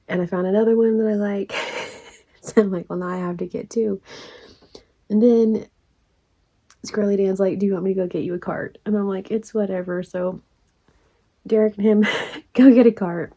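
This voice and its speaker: A woman, telling a rambling story in a casual vlog, laughing often and dropping into soft asides. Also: medium pitch. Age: 40s. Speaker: crochet vlogger.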